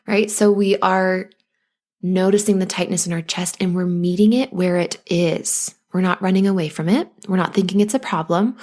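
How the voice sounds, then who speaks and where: A woman hosting a solo podcast as a postpartum coach, talking listeners gently through anxiety and now and then acting out their worried thoughts. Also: mid-range voice. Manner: gentle, coaching, acts out anxious inner voices.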